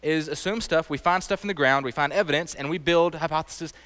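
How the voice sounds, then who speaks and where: A man giving an animated, conversational sermon as a teacher, often quizzing his audience. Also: on the high side, a little fast. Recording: long hall reverb.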